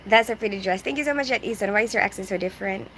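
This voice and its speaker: A woman's voice: mid-range voice, very fast, a bit bright, slight background noise. A woman in her thirties with a mixed Filipino and British English accent, chatting casually on a livestream, rambling and laughing as she reads comments. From Philippines. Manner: chatty, rambling, laughs often, mixes in Tagalog. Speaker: livestream vlogger. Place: on a bed indoors, keeping quiet. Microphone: phone without headphones.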